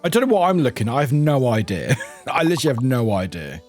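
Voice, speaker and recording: A man from the UK chatting casually with viewers on a live stream as he plays a word game, upbeat and quick to greet people. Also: medium pitch, very animated, soft background music. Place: home room with a cat nearby.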